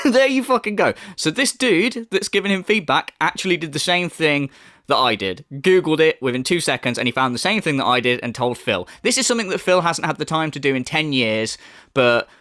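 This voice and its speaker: Ranting man, high and lively. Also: no echo, clean studio sound. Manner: angry, profane, mocking. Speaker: commentary youtuber. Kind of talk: ranting commentary.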